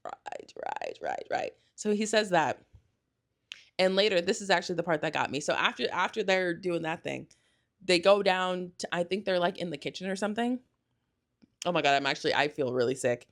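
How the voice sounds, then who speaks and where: A young woman hosting a solo podcast, chatting casually and gushing, rambling with lots of "like" and quick self-corrections. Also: fairly low pitch. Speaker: podcast host.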